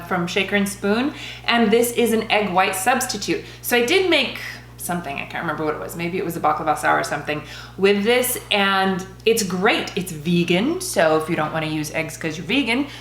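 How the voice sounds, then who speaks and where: A woman talks through a cocktail recipe in a relaxed, chatty way, musing aloud as she works. Her mid-range voice carries a roomy echo, and a faint hum sits under it. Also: medium pitch. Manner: chatty, thinks aloud while mixing. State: out of breath after shaking. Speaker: cocktail reviewer. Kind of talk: casual cocktail-making vlog.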